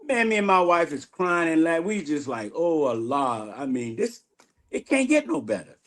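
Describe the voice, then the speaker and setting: A man giving an animated spiritual testimony in an interview, acting out the dialogue he recounts. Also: on the high side, moderate pace. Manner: animated storyteller, acts out quoted dialogue. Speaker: guest minister.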